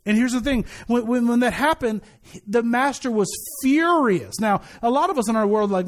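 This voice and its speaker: High-voiced, energetic male preacher. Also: a little fast. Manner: energetic, conversational, repeats words when he restarts. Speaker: pastor. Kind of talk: sermon.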